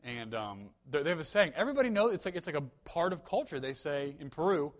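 A man's voice: fairly high pitch, big pitch swings, quick pace. A young man preaching a sermon in a conversational, storytelling way, with humorous asides and emphatic peaks. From United States.

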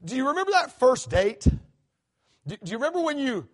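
A middle-aged man preaching a sermon in a church, animated, with many restarts. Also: extremely high pitch, a little fast, long pauses. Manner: animated, acts out quoted voices, many restarts. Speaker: guest preacher. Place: church sanctuary.

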